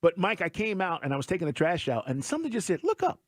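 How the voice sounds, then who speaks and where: Lively high-voiced male radio co-host. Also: fast, dry recording, clean studio sound. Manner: animated storyteller who acts out sounds. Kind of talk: sports talk radio banter. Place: radio studio.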